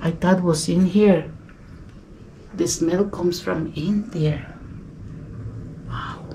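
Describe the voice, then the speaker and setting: Slow, gravelly-voiced woman vlogging outdoors. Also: on the low side, fairly even intonation, dark tone, slight background noise. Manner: nervous running commentary to viewers, many exclamations. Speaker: travel vlogger. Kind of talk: handheld travel vlog commentary. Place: outdoors on a temple ruin while climbing. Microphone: action camera.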